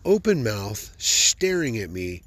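A man hosting a podcast, telling funny personal stories in an animated, joking, self-amused way. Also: on the low side, takes it slowly, no echo. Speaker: podcast host. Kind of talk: comic personal storytelling.

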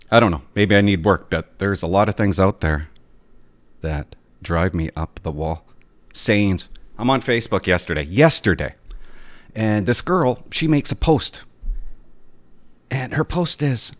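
A man talking straight to his viewers in an exasperated, animated way, ranting about his pet peeves and telling stories. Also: on the low side, a little slow, no room sound. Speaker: vlogger. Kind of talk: casual ranting monologue.

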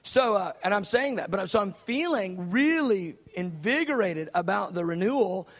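A man's voice: high-pitched, animated, moderate pace, a bit bright. A man in his thirties preaching a sermon, telling a story in an earnest way with many fillers and restarts. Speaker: pastor. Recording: long reverb of a large hall.

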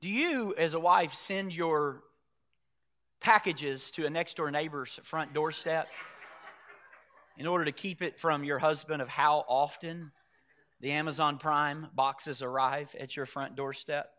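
A male pastor preaching a sermon in a conversational way. He swings from loud emphasis to hushed, quiet delivery and asks the congregation direct questions. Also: a little high, a little slow.

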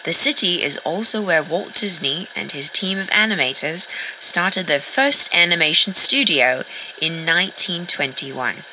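A woman's voice: lowish voice, expressive, measured pace, sharp tone, a little hiss or hum, exaggerated voice, poor audio. A woman playing a chipper 1940s radio host who tours towns and gives fashion advice in a chatty, enthusiastic, slightly theatrical way.

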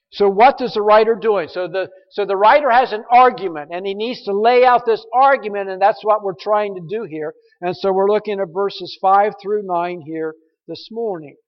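A man preaching a verse-by-verse sermon, emphatic and prone to repeating words as he stresses a point. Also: high-pitched. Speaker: pastor. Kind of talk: expository sermon. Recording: muffled recording in a reverberant hall.

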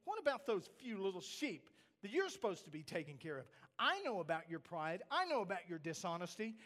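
A man's voice: high voice, big pitch swings, fairly quick, a bit bright, pitched below the performer's own voice. A preacher acting out an angry older brother who scolds and accuses his younger sibling during a sermon. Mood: scolding. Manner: accusing, demanding.

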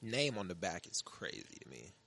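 Male co-host, bright, lively pitch, dry sound, quick reactions and laughs. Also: no room sound. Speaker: podcast co-host. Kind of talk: casual chat.

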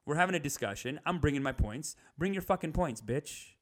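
A young man riffing in a comedic rant, animated, slipping into higher mocking impressions. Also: brisk.

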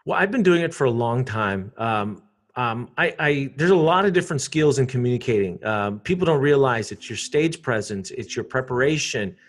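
A man, a public speaker chatting casually in an interview, animated and quick to repeat words. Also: medium pitch.

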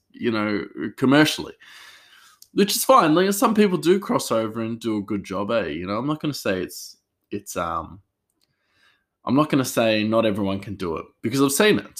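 A man, a chef, telling work stories in a rambling casual way with many fillers and restarts. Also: mid-range voice. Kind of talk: casual storytelling.

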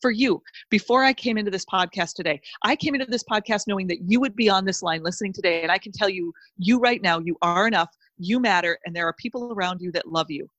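A woman's voice: mid-range voice, fast, hardly any pauses, fairly bright tone, dry recording, muffled recording. A woman guest on a podcast giving a fired-up motivational pep talk, emphatic and full of repeated phrases. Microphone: close podcast mic.

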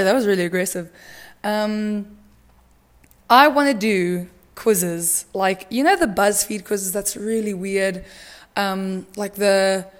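A young woman from South Africa hosting a solo podcast, chatting casually with dramatic rants and plenty of filler words. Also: mid-range voice. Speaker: podcast host.

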